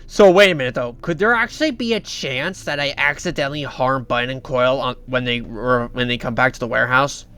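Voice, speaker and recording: A man hosting a reaction video, narrating a story recap in a halting way, often repeating himself and restarting. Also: medium pitch, sharp tone, clean tone.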